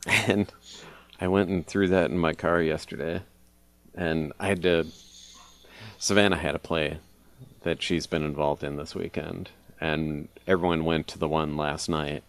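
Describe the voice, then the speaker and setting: Gravelly deep-voiced man telling stories. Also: steady tone, measured pace. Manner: rambling storyteller, laughs often. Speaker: podcast co-host. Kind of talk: casual chat.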